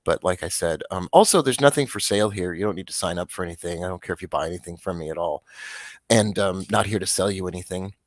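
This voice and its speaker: A man hosting a casual stock market show, rambling and restarting as he talks through trades, with a dry, flat tone. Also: sits low, quick pace, no echo. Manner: rambling, self-interrupting, offhand.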